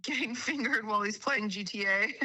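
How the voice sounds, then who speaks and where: Bright-voiced giggly woman guest. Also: fairly high pitch, normal speed, husky, poor audio. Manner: giggly, slangy. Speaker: guest caller. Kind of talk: casual chat.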